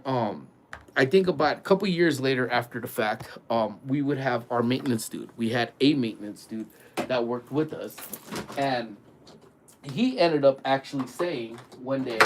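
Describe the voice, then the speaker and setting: A man vlogging from his workplace early in the morning, telling a ghost story in a loose, animated way full of "like" and "dude". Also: mid-range voice, moderate pace, a little hiss or hum. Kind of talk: casual storytelling.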